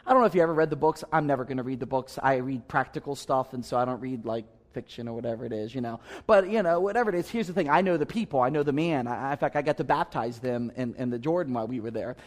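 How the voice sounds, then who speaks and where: A man's voice: medium pitch, fast, few pauses. A man preaching a sermon as a pastor, telling a personal story in an earnest, conversational way with emphatic asides.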